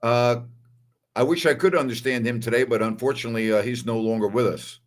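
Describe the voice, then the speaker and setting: A man's voice: medium pitch, brisk. Man, New York accent, sports postgame host, casual chat, emphatic, keeps asking "all right?". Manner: emphatic and repetitive, with tag questions. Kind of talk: casual livestream chat, reading viewer comments.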